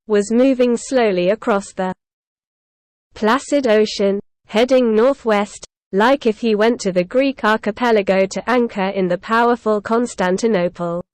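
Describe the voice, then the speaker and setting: A woman giving a measured, scripted reading of an adventure novel for English learners. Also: medium pitch, a little mellow, no room sound. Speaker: narrator.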